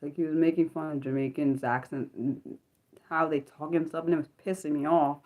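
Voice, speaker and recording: Rambling woman in her thirties, lowish voice. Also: steady tone, a little fast, a little mellow. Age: 30s. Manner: rambling, jumps between topics, loses her thread. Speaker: livestream host. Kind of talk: casual unscripted livestream chat.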